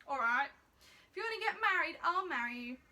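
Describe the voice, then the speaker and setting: A woman's voice: very high-pitched, lively intonation, fairly quick, pushed and bright, heavily acted. A woman voicing a shy young man in a fairy tale who doubts himself, speaking in a modest, unsure way.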